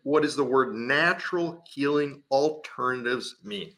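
A man's voice: medium pitch, measured pace, fairly bright tone. A man hosting an interview show, enthusiastic and a bit rambling. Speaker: host.

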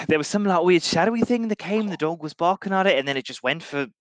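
A man chats casually as a player in a tabletop game. His pitch swings a lot as he rambles on, picked up close on a dry mic. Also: lively intonation, fast, a bit bright, dry recording.

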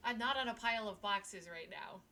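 A woman's voice: mid-range voice, brisk, a loud crowd. A woman co-hosting a casual podcast chat, giggly and rambling, often restarting her sentences. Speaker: podcast co-host.

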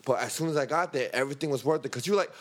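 A man telling a story in casual chat, animated and swearing freely, acting out his friends' voices with big leaps up in pitch. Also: racing.

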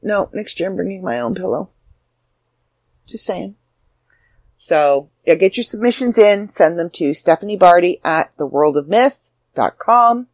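A woman's voice: lowish voice, expressive, measured pace, darkish tone, no room sound. Chatty, tired woman podcaster. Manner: chatty, self-deprecating, bubbly. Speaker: podcast host and author. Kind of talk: casual solo podcast chat.

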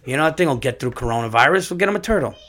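A man mimicking his exasperated wife as she gives in and agrees to buy a pet, in a quick, loud, dismissive rush. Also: mid-range voice, animated, lightly acted. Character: exasperated wife caving in to a child.

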